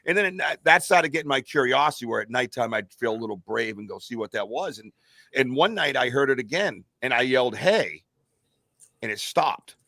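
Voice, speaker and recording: A man from the United States co-hosting a podcast spins a long, rambling personal story, often restarting and filling gaps with filler words. His voice is medium-pitched and sharp-toned, a little fast, recorded cleanly in a studio with no room sound.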